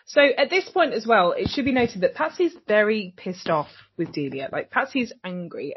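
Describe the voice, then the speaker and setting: A woman co-hosting a casual recap podcast, animated and swearing freely as she acts out characters' lines. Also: mid-range voice, slightly rough. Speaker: podcast co-host. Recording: dull lo-fi sound.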